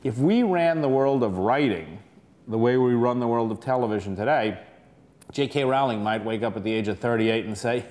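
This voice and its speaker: A man's voice: mid-range voice, moderate pace, darkish tone. A man presenting a lecture as an earnest, persuasive, conversational story.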